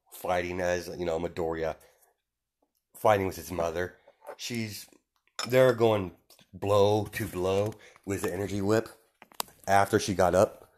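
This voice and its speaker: A man with a deep, low voice tells a made-up story off the top of his head. He rambles, restarts his sentences and leans on fillers as he goes. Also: a little mellow. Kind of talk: casual improvised story retelling.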